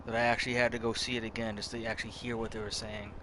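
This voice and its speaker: A man's voice: lowish voice, flat delivery, rapid-fire, noisy background. A man in his thirties giving casual gameplay commentary, rambling and swearing freely, often restarting his sentences. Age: 30s. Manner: rambling, profane, self-interrupting. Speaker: gameplay streamer.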